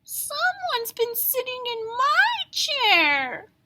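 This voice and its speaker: Woman doing a squeaky little baby bear. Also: wildly swooping pitch, extremely slow, heavy background noise, full character voice. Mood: upset. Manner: high and squeaky. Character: small squeaky young boy bear.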